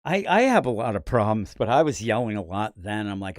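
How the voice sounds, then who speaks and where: A man hosting a podcast, talking casually about comics in an animated, rambling way with frequent laughs. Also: on the low side, a little fast, dry recording, studio quality. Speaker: podcast host. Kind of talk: casual comic book chat.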